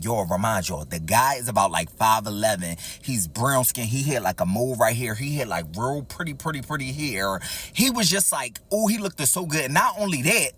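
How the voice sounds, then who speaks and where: A man telling a personal story in a casual storytime monologue, animated, talking straight to the audience and acting out the dialogue. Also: medium pitch, normal speed, hardly any pauses, breathy edge.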